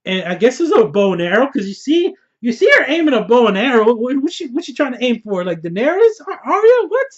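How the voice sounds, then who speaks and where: Hyped high-voiced man reviewing TV. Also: big pitch swings, a little fast, few pauses. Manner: hyped, slangy, swears freely. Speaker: TV episode reviewer. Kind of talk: casual excited review. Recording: dull lo-fi recording.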